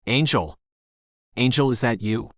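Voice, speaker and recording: A man's voice: medium pitch, unhurried, no echo, clean studio sound, natural voice. A man voicing a protective, determined young man who speaks urgently and firmly in an audiobook.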